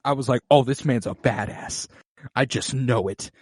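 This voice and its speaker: A man's voice: medium pitch, normal speed, darkish tone, breathy edge, dry recording, studio quality. Laid-back slangy male podcast host. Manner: laid-back, slangy retelling with quoted lines. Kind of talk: casual chat, recapping a TV episode.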